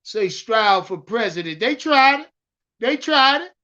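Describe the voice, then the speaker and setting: A man's voice: extremely high pitch, animated, a little slow, muffled recording. Hyped, profane man ranting to his stream. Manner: loud, hyped, swearing, talks to the chat. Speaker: live stream host. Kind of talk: profane live-stream sports rant.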